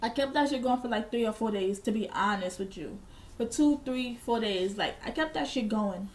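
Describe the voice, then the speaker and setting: A woman's voice: a little high, normal speed. A young woman vlogger telling a casual storytime, blunt and profane, proudly petty and unbothered. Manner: boastfully petty.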